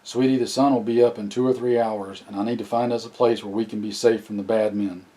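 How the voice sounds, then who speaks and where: A man reading the part of a weary, capable soldier leading a family, calm and reassuring in an audiobook. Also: fast talker, natural voice. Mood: steady. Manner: calm, low-key, reassuring.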